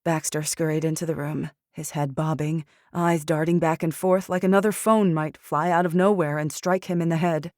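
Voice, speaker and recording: A woman narrating an audiobook in a measured, steady storytelling manner. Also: lowish voice, no echo. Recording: dry studio recording.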